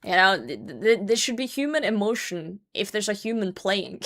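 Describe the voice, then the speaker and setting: A woman's voice: medium pitch, expressive, moderate pace, fairly bright tone. A woman hosting a livestream, chatting casually with viewers while she plays. She rambles, rants freely and swears offhand. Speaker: livestream host.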